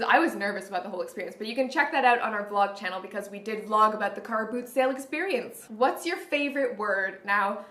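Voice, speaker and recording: A woman's voice: fairly high pitch, pushed and bright. A woman vlogging in a chatty, gushing way, full of "like". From Canada. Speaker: beauty vlogger. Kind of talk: casual vlog chat. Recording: roomy echoey room.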